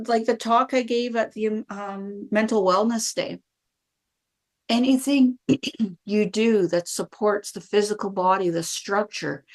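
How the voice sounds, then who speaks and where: A middle-aged woman, a podcast guest, telling stories and explaining ideas in casual conversation, acting out quoted dialogue. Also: mid-range voice. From Canada. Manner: lively, acts out quoted dialogue. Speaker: podcast guest, bioenergetics practitioner. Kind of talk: casual interview storytelling.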